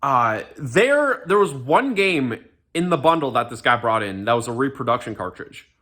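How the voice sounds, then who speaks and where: Sarcastic, animated young man ranting. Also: medium pitch, moderate pace. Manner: sarcastic, profane, mocking, with frequent fillers and restarts. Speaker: commentary ranter. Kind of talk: casual rant commentary.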